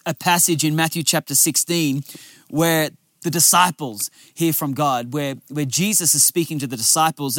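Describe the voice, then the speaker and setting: A man's voice: on the high side, fairly bright tone. A man, a lead pastor giving a sermon outdoors by a lake, in an earnest, conversational storytelling way.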